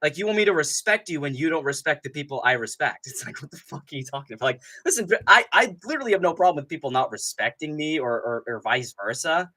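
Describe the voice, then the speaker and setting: A man hosting a live fight-night stream, ranting in a rambling, profane, excitable way and often laughing mid-sentence. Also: a little high, fast, hardly any pauses. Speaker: MMA streamer host. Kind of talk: live stream commentary, casual rant.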